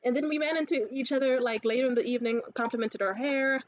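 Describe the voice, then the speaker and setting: Profane, animated woman ranting casually. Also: sits high, dull audio. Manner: acts out others' lines in quick asides. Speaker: vlogger. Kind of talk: casual rant to camera.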